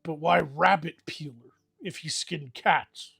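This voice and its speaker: A man hosting a livestream fantasy role-play, delivering a rambling, mock-solemn eulogy with animated comic timing. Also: fairly high pitch, unhurried, gravelly, faint music behind. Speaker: host leading an improvised fantasy guild meeting.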